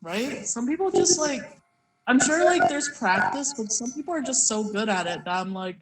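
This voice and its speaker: A woman's voice: fairly high pitch, animated, moderate pace, fairly bright tone, slight background noise. A woman hosting a casual livestream, chatting in a joking, self-deprecating way. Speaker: livestream host.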